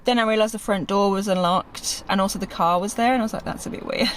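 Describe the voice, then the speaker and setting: A woman's voice: mid-range voice, steady tone, fast talker. A woman vlogging casually as a pet sitter, chatting to the camera and cooing playfully at the pets. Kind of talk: casual vlog chat.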